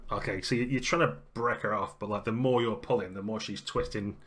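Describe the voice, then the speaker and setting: A man running a tabletop game as game master, narrating in a chatty, lively way. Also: fairly low pitch, fairly quick, a crowd in the background.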